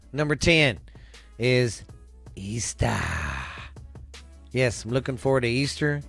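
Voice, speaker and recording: A man's voice: mid-range voice, slow, fairly bright tone, faint music behind. A man hosting a vlog, reading viewer comments aloud with crude jokes and rambling asides.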